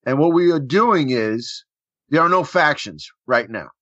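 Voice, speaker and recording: A man hosting a casual show as "coach", loud and joking with his co-hosts. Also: a little high, animated, a little slow, no echo. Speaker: podcast host calling himself coach. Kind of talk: casual banter. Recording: dull, dry lo-fi recording.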